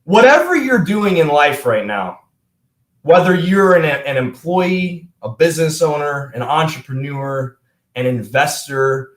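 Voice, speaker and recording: A young man coaching his viewers with energy and emphasis. His voice sits a little high for a man and rings in a roomy, echoey space. He pushes his key points hard, like a motivational talk to camera. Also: animated, measured pace, a bit bright.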